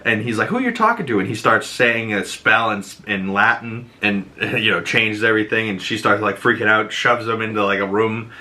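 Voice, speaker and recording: Bright-voiced man recapping a show. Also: fairly low pitch, moderate pace, hardly any pauses. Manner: animated, quotes characters in put-on voices. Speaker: host recapping a TV episode. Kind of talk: casual episode recap.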